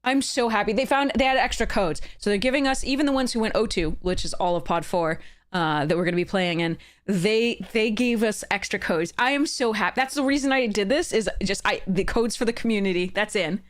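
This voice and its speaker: A bubbly woman streamer chats casually to her viewers, giggling often. Her pitch sits in an ordinary middle range, and she rambles through fillers and restarts in a loose, excited way. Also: fairly quick. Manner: bubbly and giggly, with frequent laughter. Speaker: streamer and content creator. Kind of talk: casual live-stream chat.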